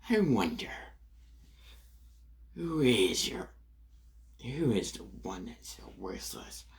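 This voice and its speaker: A man voicing a grim adult male villain in a fan story, low and slow and musing, with a husky voice. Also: sing-song, heavily acted.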